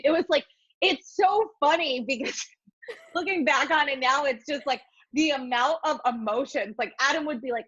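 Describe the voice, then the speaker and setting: A woman guest on a coaching interview, telling her story with lively, swearing candor and acting out her panicked thoughts. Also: sits high, a little fast, lo-fi sound. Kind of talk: candid podcast interview.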